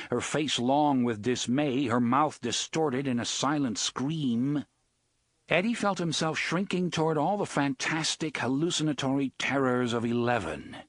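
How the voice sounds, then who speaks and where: A man giving an expressive, dramatic audiobook narration on a close studio mic. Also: medium pitch, no echo.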